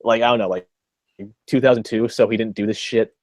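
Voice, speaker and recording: A man's voice: lowish voice, fairly even intonation, fairly quick, a little mellow, no room sound. A man co-hosting a casual podcast over an online call, goofy and rambling. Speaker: podcast co-host. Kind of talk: casual group chat.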